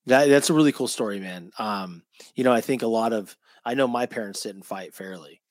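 A middle-aged man hosting a conversation, talking reflectively and filling pauses with "you know". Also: lowish voice, dry recording. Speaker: podcast host. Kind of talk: casual chat.

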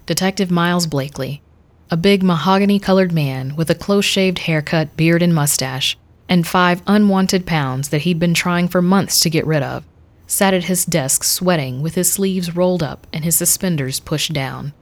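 A woman reading a dark fantasy story aloud in a measured, even voice. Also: lowish voice. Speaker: narrator. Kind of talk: scripted story narration.

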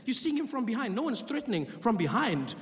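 A male stand-up comedian telling an animated story on a large theater stage, acting out both sides of it. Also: very high-pitched, fairly quick. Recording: reverberant live venue with audience noise.

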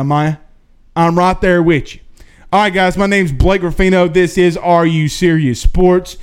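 A man hosting a sports talk show on a live stream casually reads out questions from viewers, drawling in a folksy manner. His voice is high, clear, and resonant, his pace measured, and he stays animated with frequent folksy asides.

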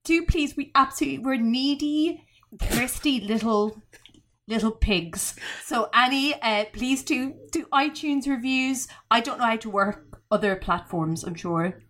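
A woman's voice: fairly high pitch, unhurried, fairly bright tone, a little hiss or hum. A woman with an Australian accent hosting a podcast, chatting casually and gushing with enthusiasm. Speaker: podcast host. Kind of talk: casual chat.

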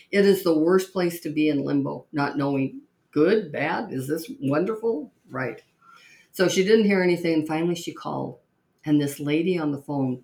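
A woman hosting a podcast, telling stories in a lively way and acting out the voices of the people she quotes. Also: deep voice, gravelly, echoey room. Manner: lively storyteller who acts out quoted voices. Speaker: podcast host. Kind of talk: storytelling monologue.

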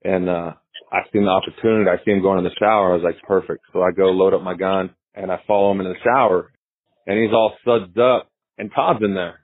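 A former pitcher as a guest, telling stories in a rambling, casual way, often repeating himself and laughing. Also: male voice, steady tone, brisk, breathy edge, no room sound. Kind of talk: casual storytelling interview. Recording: tinny phone line.

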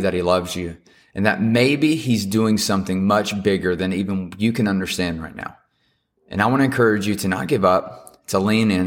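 A young man with a somewhat low voice preaching in a relaxed, conversational way. He talks earnestly and encouragingly, with plain fillers and restarts, and moves into a heartfelt prayer. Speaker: pastor. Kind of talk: casual sermon with closing prayer.

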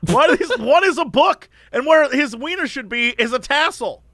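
A man's voice: very high voice, lively intonation, normal speed, pushed and bright. A man chatting casually on a podcast, telling stories animatedly and laughing often. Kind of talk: casual chat and storytelling.

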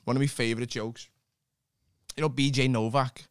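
Swearing British man, smooth voice. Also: mid-range voice, moderate pace, dry recording, studio quality. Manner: swearing, animated storyteller acting out quotes. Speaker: podcast co-host. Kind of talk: casual chat.

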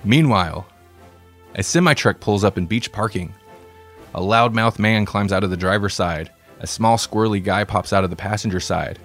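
A man reading a comedic story aloud in a relaxed way, with dry asides. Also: on the low side, moderate pace, faint music behind. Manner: relaxed, self-deprecating asides.

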